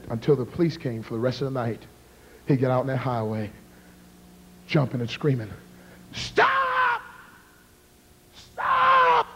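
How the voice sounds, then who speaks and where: A man in his thirties preaching a revival sermon and leading an altar call, swinging from hushed whispers to shouted appeals. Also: mid-range voice, a little hiss or hum. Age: 30s. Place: large church with balcony. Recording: long reverb of a large hall.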